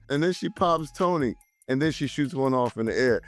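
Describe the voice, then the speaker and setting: A man's voice: on the high side, normal speed, no echo, soft background music. A man co-hosting a casual film review, retelling scenes incredulously and swearing freely.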